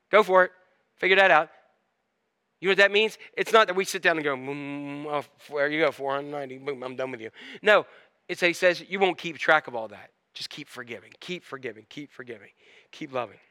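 Pastor, male, preaching; bright tenor voice, dry close recording, animated delivery. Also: no room sound. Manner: animated preaching, swinging from loud emphatic peaks to quiet low asides. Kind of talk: sermon.

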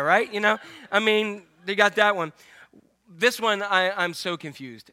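A man's voice: sits high, fairly quick, pushed and bright. An older man preaching a sermon, joking and putting questions straight to his congregation. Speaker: pastor.

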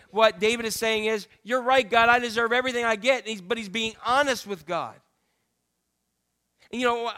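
A middle-aged male pastor preaching a candid, self-deprecating sermon full of jokey asides and sudden high exclamations. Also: bright, forceful tone. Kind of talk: humorous conversational sermon.

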